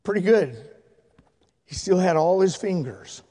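High-voiced pastor preaching in a big reverberant hall. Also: male voice, unhurried. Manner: emotional, swings from loud excited shouting to hushed tender speech. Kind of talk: sermon storytelling. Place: church sanctuary.

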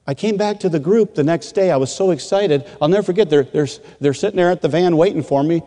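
A middle-aged man from rural Michigan, a pastor telling his testimony in an animated way and acting out the voices of the people in it. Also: on the high side, fast, few pauses. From rural Michigan, USA. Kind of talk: testimony sermon. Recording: long reverb of a large hall.

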